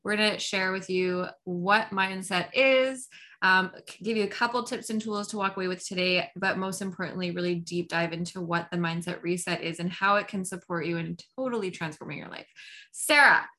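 A woman's voice: on the low side, moderate pace, pushed and bright. A woman, a podcast producer and business coach, chatting easily and playfully, then reading a podcast intro. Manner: easygoing, playful.

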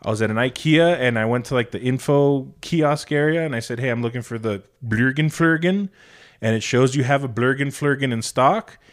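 A man's voice: medium pitch, brisk, hardly any pauses. A man hosting a podcast in casual, blunt, heavily profane chat. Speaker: podcast host.

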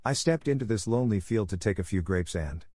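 A man's voice: on the low side, expressive, quick pace, dark tone, dry recording, studio quality. A man voicing a tearful marionette boy who pleads and sobs. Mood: pleading. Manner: sobbing, pleading.

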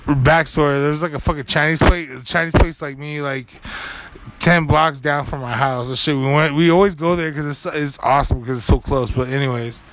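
A man's voice: on the high side, fairly even intonation, normal speed, a bit bright. Rambling profane young man, casual storytelling. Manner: rambling, profane, many fillers and restarts. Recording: faint background noise.

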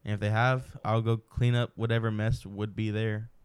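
Podcast host, male, smooth clear tone, animated storyteller who does the voices in his anecdotes. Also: on the low side, normal speed, no echo. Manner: animated storyteller, acts out quoted lines. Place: home room.

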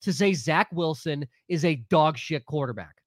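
A man's voice: a little high, normal speed, no echo, clean studio sound. A man with a stuffy, congested voice co-hosting a sports podcast, blunt and profane as he reads out listener questions. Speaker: podcast co-host.

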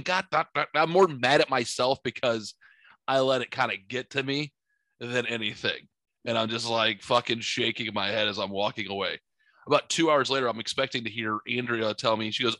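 A man co-hosting a casual chat, telling a long story in a rambling, animated way. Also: medium pitch, fairly quick, dry recording. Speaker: podcast co-host.

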